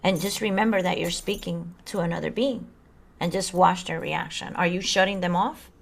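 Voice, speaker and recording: A woman's voice: on the low side, steady tone, normal speed, creaky. Earnest woman podcast host, dramatic delivery. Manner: earnest, dramatic, sometimes acts out voices. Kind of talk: casual spiritual podcast chat.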